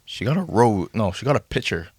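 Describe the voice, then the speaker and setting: Toronto guy on a podcast telling a story all animated, low voice, dry sound. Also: a little fast, husky, no room sound. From Toronto, Canada. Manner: storytelling, animated, stammering restarts. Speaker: podcast co-host. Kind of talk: casual podcast chat.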